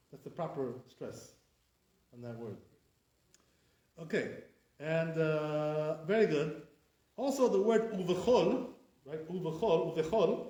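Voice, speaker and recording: Rabbi with an echoey, higher man's voice. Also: dark tone. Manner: corrective, repeats words to drill them, asks rhetorical questions. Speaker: rabbi teaching Hebrew pronunciation. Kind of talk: classroom lesson. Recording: echoey room sound.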